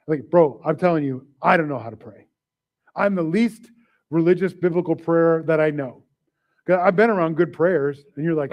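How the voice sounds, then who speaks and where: A man's voice: a little high, normal speed, lo-fi sound. A man preaching a sermon as pastor, casual and joking, often acting out little voices and asides. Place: church service.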